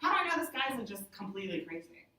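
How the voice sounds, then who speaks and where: A woman who works as a sign language interpreter, telling stories to a group in a chatty, animated way with lots of "like". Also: mid-range voice, rapid-fire. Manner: animated, chatty, heavy use of "like". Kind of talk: casual storytelling to a group. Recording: echoey room, voice from far off.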